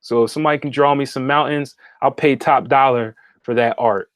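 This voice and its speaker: In a casual home livestream from his meditation room, a man who works as a spiritual consultant speaks directly to viewers a little fast, in a steady, mid-range voice. He tends to repeat himself and frequently asks "okay?"; the recording is studio quality with no room sound.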